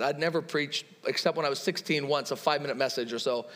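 A man in his thirties preaches to his congregation, slipping easily into personal anecdotes and acted-out conversations. His voice sits slightly high for a man. The sound carries the long reverb of a large hall. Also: fast, fairly bright tone. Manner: conversational storytelling with laughs and quoted dialogue. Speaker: pastor. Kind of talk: sermon.

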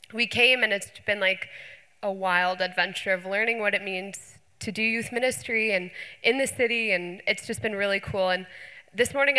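An earnest young woman with a bright, forceful voice speaks to her church as youth pastor, sharing testimonies with excited energy and casual fillers. Her words ring out in a hall with a long, lingering reverb. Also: medium pitch, smooth. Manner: earnest, enthusiastic, many fillers.

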